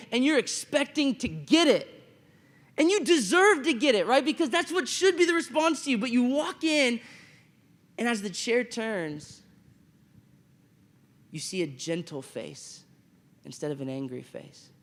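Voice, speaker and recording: A man with a fairly high voice preaches in a school chapel, his words ringing through a long reverberant hall. He tells a story with animated swings, acting out quoted lines and checking in with the room. His delivery rises to loud emphasis and drops to soft near-whispers. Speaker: chapel speaker. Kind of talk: youth chapel sermon.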